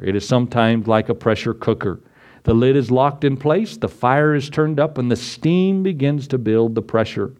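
A man's voice: mid-range voice, a little mellow. A man preaching a sermon as pastor, folksy and conversational, with asides, chuckles and acted-out quotes.

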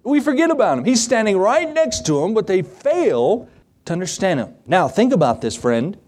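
A middle-aged man preaching a sermon as pastor, animated and acting out Bible scenes in different voices. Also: sits high, moderate pace.

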